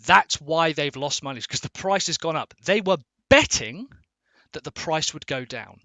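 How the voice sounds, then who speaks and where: A man's voice: fairly high pitch, lively intonation, normal speed, pushed and bright, no room sound. A man who explains things in a casual, informal way. He swears now and then and keeps checking in with "right?". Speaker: explainer video host.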